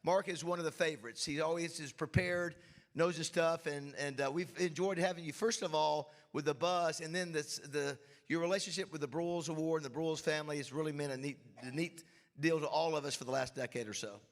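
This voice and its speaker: A man emceeing a club luncheon, with a gravelly, somewhat high voice. He pumps up the crowd with shout-outs and gets emotional along the way. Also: fairly even intonation, a little fast. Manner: hyped crowd-rousing, emotional asides. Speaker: host. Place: banquet hall.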